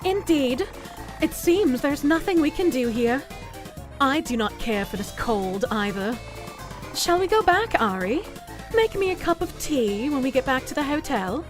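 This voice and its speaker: A woman's voice: high voice, very animated, unhurried, over music. A woman voicing a prim, formal companion character in a game who speaks in a lofty way.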